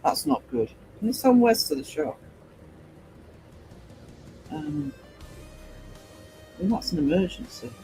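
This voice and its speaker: A man's voice: high voice, sing-song, slow, pauses often, mellow, faint music behind, rough recording. A man, an artist chatting casually and rambling to his stream viewers as he works, laughing easily.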